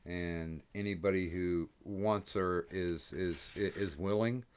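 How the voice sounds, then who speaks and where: A man hosts a casual stream chat, rambling along with plenty of hesitant fillers. His voice is deep, smooth and resonant. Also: fairly even intonation, slow. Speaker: stream host.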